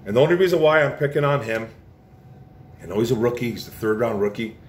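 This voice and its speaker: A man's voice: mid-range voice, expressive, fast. A man hosting a casual football commentary show, blunt and opinionated, often repeating his points. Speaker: sports podcast host. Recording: roomy echo with faint noise.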